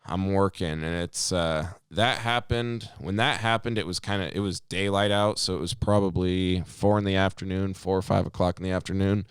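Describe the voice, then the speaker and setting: A man's voice: low voice, normal speed, hardly any pauses, clear, resonant tone, no room sound, clean studio sound. Profane young man telling a story. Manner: profane, animated, rambling anecdotes. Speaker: podcast co-host. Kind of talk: casual storytelling chat.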